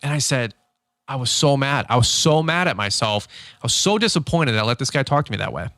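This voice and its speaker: A man in his thirties talks straight into a podcast mic, frank and fired up as he tells his story. He acts out the conversations himself at a mid pitch, and the sound is close and dry with no room echo. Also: expressive, fast, a bit bright. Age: 30s. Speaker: podcast host. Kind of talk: candid motivational podcast monologue.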